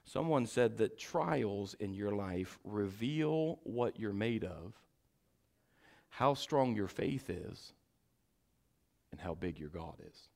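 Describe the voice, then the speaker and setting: A man preaching a sermon, swinging from shouted exhortation to quiet, folksy storytelling as he acts out Bible figures. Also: lowish voice, animated, slow, vocal fry, long pauses. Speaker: pastor.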